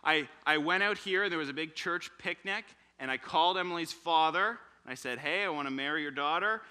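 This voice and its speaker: In church, a young man in his twenties delivers a sermon with lively storytelling, dramatizing quotes as he speaks. His voice sits on the high side, smooth and a little fast.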